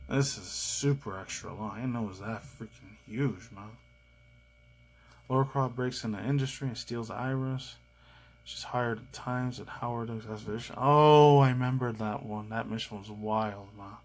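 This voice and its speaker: On a low-quality recording, a mid-range male voice moves at a moderate pace. He's a thirty-something from the United States hosting a laid-back reaction video, chatting loosely and rambling in slang.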